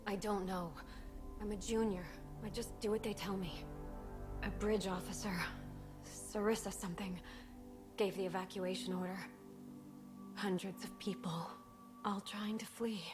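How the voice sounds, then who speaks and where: A woman's voice: medium pitch, fairly even intonation, measured pace, pauses often, music in the background, lightly acted. A woman voicing a weary junior officer. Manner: weary, hushed, bitter. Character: shaken young female junior officer, a survivor. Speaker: game character.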